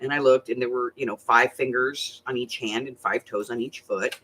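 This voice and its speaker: An older woman, a grandmother, telling a family story in a chatty, animated way and swearing freely. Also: extremely low pitch, normal speed, a little hiss or hum. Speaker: crafting channel host. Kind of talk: casual storytelling chat.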